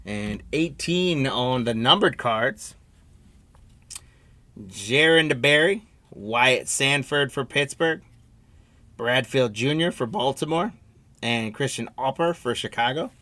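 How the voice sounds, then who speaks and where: Man, live-stream card break host, bright voice, chatty patter, talks to viewers, dry close sound. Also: medium pitch, takes it slowly, no room sound. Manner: reads out player names and teams in a running patter, chatting with viewers.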